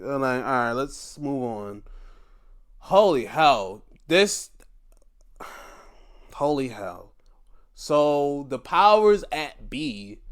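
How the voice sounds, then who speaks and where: A man's voice: on the high side, smooth. A man hosting a casual, profane wrestling recap, acting out scenes in different voices. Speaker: show host.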